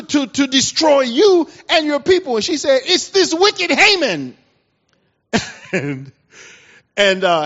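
A middle-aged man preaching a sermon in a lively, conversational way, acting out the quoted voices of the people in his stories. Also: on the high side, highs cut off. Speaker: pastor.

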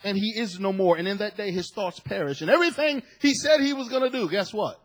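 Pastor, male, high voice, playful sermon delivery that climbs into shouting. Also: fairly quick. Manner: jokey, builds to shouted emphasis. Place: church.

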